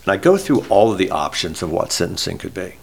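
Deep-voiced older guy w telling his story, choked up at times. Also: very animated, fast, vocal fry, slightly rough. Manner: emotional, candid, close to tears. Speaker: guest. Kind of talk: personal storytelling in an interview.

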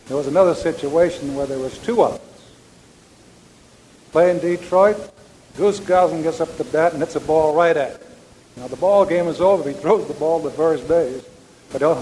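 A man's voice: on the high side, mellow. An older man giving a speech about his ballplaying days, telling folksy anecdotes straight to the audience. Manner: folksy storytelling, addresses the audience directly. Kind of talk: after-dinner anecdote speech. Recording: reverberant hall with faint background noise.

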